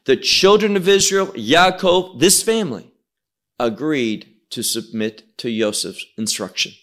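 A man's voice: mid-range voice, expressive, unhurried, fairly bright tone. A man teaching the Bible verse by verse, explaining Hebrew terms and asking and answering his own questions.

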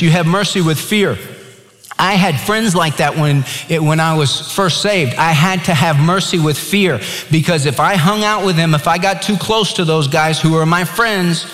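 A pastor preaching a sermon, reading scripture emphatically and telling stories. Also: male voice, a little high, fairly bright tone, big-room sound.

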